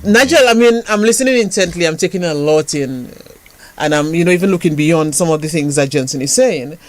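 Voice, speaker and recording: A man hosting a radio interview, reacting with eager interjections and posing careful, slow questions. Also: fairly high pitch. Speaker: radio host.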